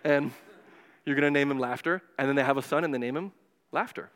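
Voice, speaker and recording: A man preaching a casual, animated sermon in a church, retelling stories and acting out the voices with quick asides. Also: mid-range voice, clear, resonant tone. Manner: animated, digressive, acts out voices. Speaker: pastor. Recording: long hall reverb.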